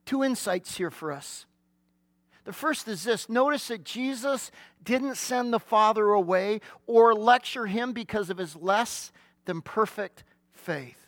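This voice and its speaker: A man with a notably high voice delivers a sermon, retelling a scripture story with vivid detail and dramatic pauses. He speaks earnestly and puts rhetorical questions to his listeners. The recording is close and dry. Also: no echo. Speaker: pastor.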